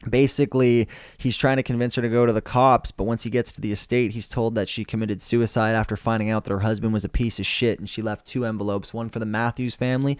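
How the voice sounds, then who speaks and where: Young man, casual film recap, profane, rambling, smooth voice, dry close sound. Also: fairly low pitch, fairly even intonation, brisk, hardly any pauses, dry recording. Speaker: film reviewer.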